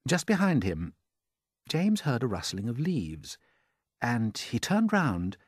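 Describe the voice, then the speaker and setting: A man narrating a children's storybook in an expressive, unhurried way. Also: fairly high pitch, husky, dry recording, clean studio sound. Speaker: audiobook narrator.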